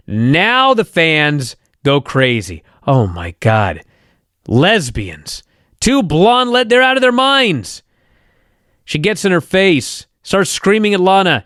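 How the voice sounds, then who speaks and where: Lively sarcastic man recapping wrestling. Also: on the high side, slow pace, dry recording, studio quality. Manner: sarcastic, profane storytelling with quoted bits in character. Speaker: podcast host.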